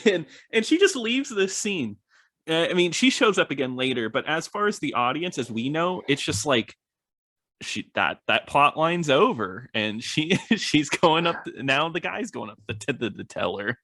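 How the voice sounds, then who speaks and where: A man co-hosts a laid-back movie podcast, his pitch rising and falling in a lively way. He is chatty and quick to agree, with lots of filler words. The recording is dry and close, with little room sound. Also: no echo. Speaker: podcast co-host. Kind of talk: casual film chat.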